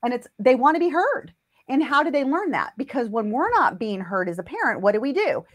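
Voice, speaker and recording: A woman hosts a casual parenting podcast as a coach. Her voice sits a little high, and she talks emphatically, often posing rhetorical questions. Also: very animated, brisk. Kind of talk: casual conversational interview.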